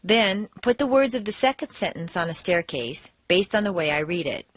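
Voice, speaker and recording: Woman, accent-training lesson, scripted narration, very lively exaggerated intonation, dry close recording. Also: on the low side, moderate pace, dry recording. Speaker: language teacher.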